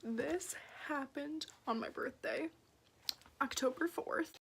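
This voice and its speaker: A young woman from Minnesota telling a personal story to camera in a soft voice that often drops into a breathy whisper. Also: sits high, steady tone, measured pace, slight background noise. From Minnesota, USA. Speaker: vlogger.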